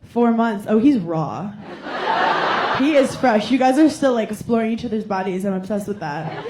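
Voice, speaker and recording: A woman's voice: medium pitch, lively intonation, normal speed. A woman in her thirties doing brash, teasing stand-up crowd work on a club stage, often laughing mid-line, with a handheld mic. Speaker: stand-up comedian. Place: comedy club stage with live audience. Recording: live club audio, audience laughter and noise.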